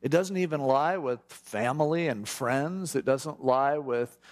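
A middle-aged man teaching from a Bible passage in a relaxed, conversational way, acting out prayers in quick asides. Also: medium pitch. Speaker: pastor.

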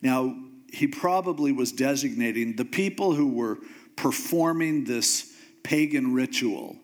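A male pastor preaching a sermon in a relaxed, conversational way. He tells the story with a casual, joking humor. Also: medium pitch, measured pace.

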